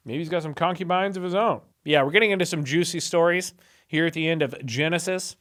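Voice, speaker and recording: Chatty, irreverent young man, slightly high voice. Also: a little fast, fairly bright tone. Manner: chatty and irreverent, with sarcastic asides. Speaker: video host retelling Bible stories. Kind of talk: casual commentary.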